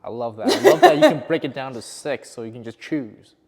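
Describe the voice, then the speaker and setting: A man's voice: medium pitch, wildly swooping pitch, fairly quick, gravelly, big-room sound, a crowd in the background. A man hosting a podcast, talking enthusiastically and laughing often. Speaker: podcast host, physiotherapist. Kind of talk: casual interview chat.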